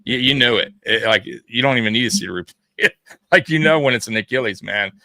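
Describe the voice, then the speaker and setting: Bright-voiced, foul-mouthed man hosting. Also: medium pitch, fairly quick, no room sound. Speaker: podcast host. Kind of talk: casual sports talk.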